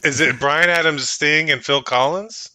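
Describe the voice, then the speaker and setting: A man's voice: fairly high pitch, measured pace, sharp tone, dry recording. A man co-hosting a casual movie podcast, rambling and hedging with lots of filler words. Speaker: podcast co-host. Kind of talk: casual chat.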